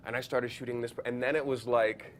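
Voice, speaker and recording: A man in his forties, a photographer, telling stories as a podcast guest, acting out quotes with big jumps in pitch and frequent laughs. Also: fairly even intonation, a little fast, a little hiss or hum. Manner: acts out quoted voices, jumps high in pitch, laughs often, many filler likes. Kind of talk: animated storytelling in a podcast interview. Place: podcast studio.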